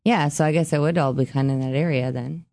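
Female radio co-host, playful and inquisitive, lowish voice, dry studio. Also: fairly even intonation, fast talker, warm tone, no room sound. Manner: playful, teasing, asks questions. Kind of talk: casual morning radio chat.

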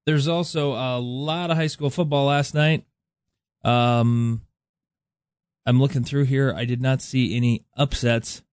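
A man's voice: medium pitch, steady tone, measured pace, clear, resonant tone, no room sound, clean studio sound. A man co-hosting a radio show, joking and rambling with frequent laughs. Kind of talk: casual morning radio chat.

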